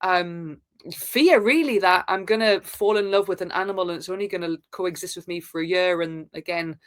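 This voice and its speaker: A woman, a podcast guest, telling personal stories in an earnest, spiritual way with halting restarts and fillers. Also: fairly low pitch. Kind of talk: reflective personal storytelling.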